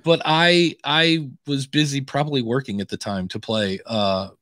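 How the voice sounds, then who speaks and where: A man's voice: mid-range voice, fairly even intonation, normal speed, fairly bright tone, no room sound, clean studio sound. A middle-aged American man co-hosting a podcast, telling rambling stories and acting out the dialogue he quotes. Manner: rambling storyteller who acts out quoted dialogue. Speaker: podcast co-host. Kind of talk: casual podcast chat.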